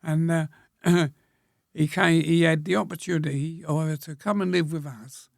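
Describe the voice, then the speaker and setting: A very old man around a hundred tells stories in a plain, unhurried way. His voice sits a little high and is gravelly, and it is recorded close and dry. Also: steady tone, dry recording. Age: 100. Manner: plain-spoken, slow storytelling, frequent pauses and throat-clearing. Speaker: guest, war veteran. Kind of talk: reminiscing interview answers.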